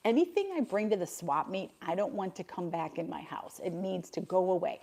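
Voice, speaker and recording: A woman's voice: fairly low pitch, big pitch swings, fairly quick, darkish tone. An older woman from Buffalo, New York, chatting casually on her livestream, reading out and answering viewers' comments and laughing often. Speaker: livestream host.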